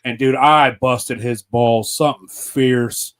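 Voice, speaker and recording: A man's voice: mid-range voice, steady tone, takes it slowly, a bit bright, clean tone. A man from Pennsylvania hosting a podcast, telling profane stories in casual chat and acting out the voices of people he quotes. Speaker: podcast host.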